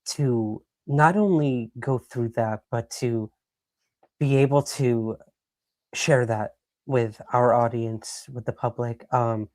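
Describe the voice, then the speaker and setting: A man hosts a livestream and answers a personal story in an earnest, moved way. He speaks slowly, and his voice is recorded dry and close. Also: medium pitch, a little mellow, no echo. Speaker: host. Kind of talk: livestream conversation.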